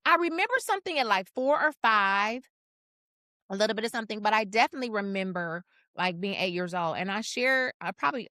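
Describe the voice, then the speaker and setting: Brief: woman podcast co-host, bright forceful tone, dry close sound, expressive storyteller who leaps up in pitch to make a point. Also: dry recording. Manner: animated, expressive, jumps in pitch for emphasis. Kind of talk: casual conversational storytelling.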